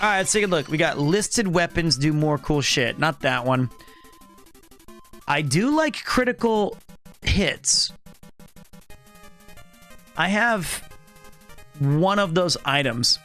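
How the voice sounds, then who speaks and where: A fairly high-pitched man talks through his gameplay in a loose, joking, rambling way. Clear game music plays under his voice the whole time. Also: lively intonation, slow, long pauses, fairly bright tone. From Kansas City, US. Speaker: streamer. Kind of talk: casual gameplay commentary.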